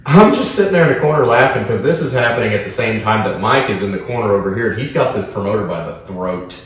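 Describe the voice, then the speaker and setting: A man co-hosting a casual podcast, telling profane, animated stories. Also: lowish voice, fast talker. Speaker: podcast co-host, wrestler. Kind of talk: casual storytelling chat. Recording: roomy echo, distant from mic.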